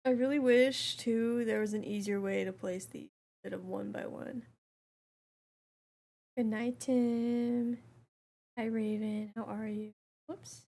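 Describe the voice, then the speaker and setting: Slow, gravelly young woman streamer. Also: on the high side. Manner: relaxed, chatty, reads chat aloud. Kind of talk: casual live-stream chat while gaming.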